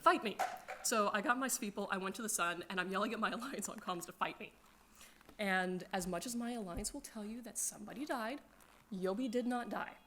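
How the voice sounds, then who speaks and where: Woman storyteller, animated, laughs a lot, faint noise behind, for a casual gaming anecdote. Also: mid-range voice, brisk. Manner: animated, laughs often, acts out friends' lines. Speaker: speaker telling gaming stories.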